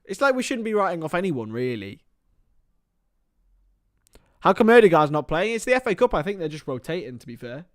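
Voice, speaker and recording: A man's voice: on the high side, very animated, fairly quick, long pauses, dry recording, studio quality. Chatty man doing casual football commentary. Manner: chatty, laughs often, greets viewers by name. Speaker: live stream host and commentator. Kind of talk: casual match commentary and chat with viewers.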